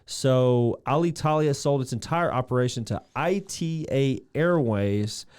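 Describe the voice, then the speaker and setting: A man's voice: medium pitch, unhurried, a little mellow, clean tone. A man co-hosting a podcast, cracking jokes and loosely reading out background facts in casual chat. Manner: jokey, reads out trivia loosely. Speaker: podcast co-host.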